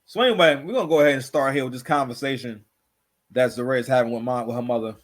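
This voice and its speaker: A man's voice: medium pitch, fast. A man hosting a casual reaction commentary show, rambling and repeating himself with constant filler phrases.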